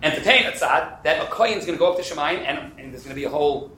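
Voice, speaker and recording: A male teacher leads a Talmud class at a fast clip, animated and peppered with Hebrew and Yiddish terms. His voice sits high and bounces around a roomy classroom with a faint hum of background noise behind it. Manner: animated and quick, fields questions, drops in Hebrew and Yiddish terms. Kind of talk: interactive class lecture.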